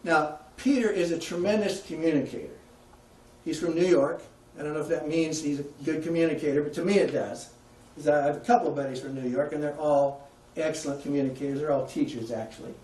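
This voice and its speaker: A man's voice: fairly high pitch, steady tone, fairly quick, darkish tone, recorded from a distance. A man giving a conversational public talk, putting questions to his audience. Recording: echoey room, heard from afar.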